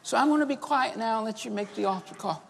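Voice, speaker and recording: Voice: mid-range voice, quick pace, gravelly, slight background noise. A pastor preaching a sermon and leading an altar call, fervent, repeating key phrases and punctuating them with "amen" and "beloved.". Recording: long reverb of a large hall.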